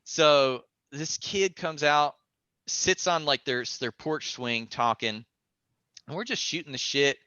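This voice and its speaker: A man telling a story as a podcast guest, animated and profane, acting out the voices. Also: on the high side, unhurried, no echo, lo-fi sound. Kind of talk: casual storytelling.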